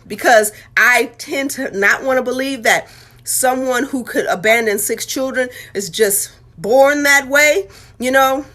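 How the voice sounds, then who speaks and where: A woman's voice: fairly high pitch, fairly bright tone. A woman and author telling her life story in a candid, heartfelt, conversational way. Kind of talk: candid personal testimony.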